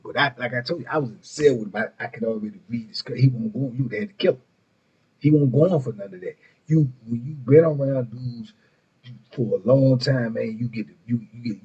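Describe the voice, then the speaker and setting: A middle-aged man hosts a show where he tells prison stories casually, using laid-back street slang and wandering into rambling asides. His voice is medium in pitch with a darkish tone and a breathy edge, and the recording is muffled and lo-fi.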